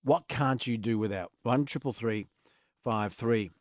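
Speaking at a measured pace in a medium-pitched voice, a man with an Australian accent hosts a radio show with playful, enthusiastic on-air chat and thoughts spoken aloud. The studio sound is clean, with no echo.

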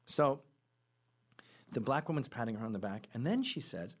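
Here the podcast host has a husky, medium-pitched voice and an animated delivery at normal speed, broken by long pauses. He tells a long, casual story full of asides and self-corrections, voicing the people in it.

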